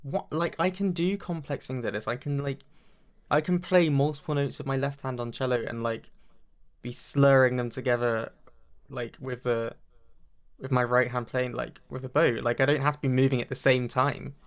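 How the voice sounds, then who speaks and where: Young guy podcast cohost, average pitch, rambly, repeats himself a lot. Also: fairly even intonation, normal speed. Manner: rambling, repeats words when thinking. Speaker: podcast co-host. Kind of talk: casual chat.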